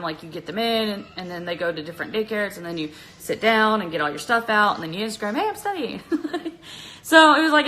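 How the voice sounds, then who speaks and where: A young woman vlogger chats casually on a phone livestream, holding the phone at arm's length. Her voice is medium-pitched and sharp, and she sounds nervous, chatty and quick to laugh. The rough recording has a little hiss or hum.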